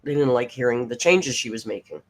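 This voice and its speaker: A woman's voice: extremely low pitch, expressive, brisk. A woman hosting a casual livestream reaction, sarcastic and swearing freely as she reads comments aloud. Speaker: reaction streamer host.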